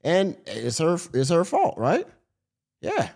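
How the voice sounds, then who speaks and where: A man's voice: a little high, huge pitch swings, slow, creaky, darkish tone. A male podcast host giving blunt, exasperated commentary on a livestream and swearing freely.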